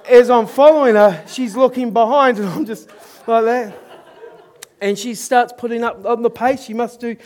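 A man with a New Zealand accent delivers a storytelling sermon in a noticeably high voice. He is earnest and middle-aged, and he chuckles at his own mishaps as he preaches. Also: a little mellow.

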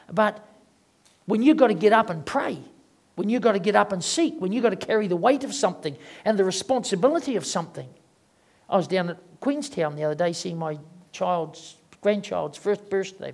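Middle-aged male pastor with a slightly high voice, preaching informally. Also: darkish tone. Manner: conversational preaching, acts out quoted voices. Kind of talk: sermon.

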